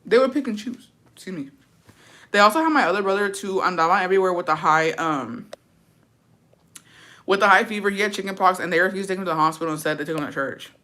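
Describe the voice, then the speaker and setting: A woman's voice: on the low side, fast, pauses often. A woman vlogger who reads viewer comments aloud and reacts, telling her own stories in a blunt, slangy, profanity-heavy way. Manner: animated storytelling.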